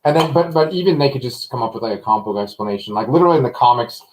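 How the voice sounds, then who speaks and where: A man in his late thirties hosts a casual live review show from home. He talks in an animated, rambling way, and his voice swings widely up and down in pitch. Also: rapid-fire, slight background noise, low-quality recording. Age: 30s. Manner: animated, laughs a lot, mimics lines in a high voice. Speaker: host.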